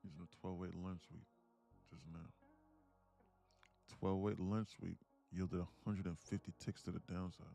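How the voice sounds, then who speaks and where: Man, deep voice, gravelly, live trading commentary, muttering then excited, faint music behind. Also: moderate pace, pauses often. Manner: talks to himself, muttering then excited bursts, laughs often. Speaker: day trader streaming live. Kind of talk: casual live-stream commentary.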